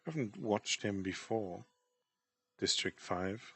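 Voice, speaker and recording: A man's voice: on the low side, expressive, takes it slowly, fairly bright tone, breathy edge. A man chatting casually while drawing on stream, rambling and self-deprecating about his work. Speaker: artist streamer.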